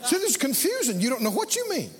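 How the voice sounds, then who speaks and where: A man's voice: very high-pitched, huge pitch swings, quick pace, long reverb tail, crowd noise. A man preaching a sermon, telling stories and leading call-and-response with his congregation.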